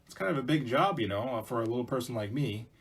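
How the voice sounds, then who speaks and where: A man's voice: medium pitch, expressive, fast talker, slightly rough. A man voicing a sleepy, easygoing young male mouse who talks hesitantly with many fillers. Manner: hesitant, rambling, lots of fillers.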